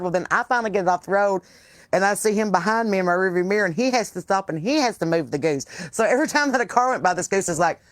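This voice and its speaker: Woman, mid-pitched voice, dry close sound, animated storytelling, swears freely, outdoor porch chat. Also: no room sound. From Southern US. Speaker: podcast host. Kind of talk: casual live chat with viewers.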